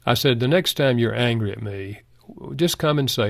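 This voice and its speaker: An older man speaks as a guest on a Christian radio talk show, his voice gravelly with a mid-range pitch. He tells personal stories earnestly and plainly. The studio sound is close and dry. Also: normal speed, no echo. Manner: earnest storytelling. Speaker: guest counselor. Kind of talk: radio interview, Christian advice.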